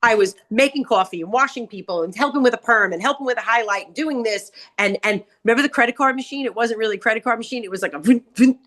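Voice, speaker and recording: A middle-aged woman telling salon stories in casual podcast chat, acting out quotes with big jumps in pitch. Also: fast, few pauses, fairly bright tone. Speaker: guest author, salon owner.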